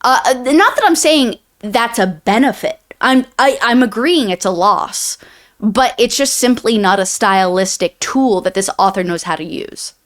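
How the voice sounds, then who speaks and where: A woman's voice: a little high, expressive, measured pace. A woman co-hosting a book review podcast, summarizing the plot in casual chat, rambling with many restarts and fillers.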